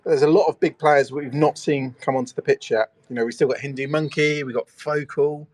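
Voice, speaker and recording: A man's voice: on the high side, steady tone, brisk, a little mellow, no echo. A man doing casual, jokey co-commentary on an amateur football match, full of gossipy asides.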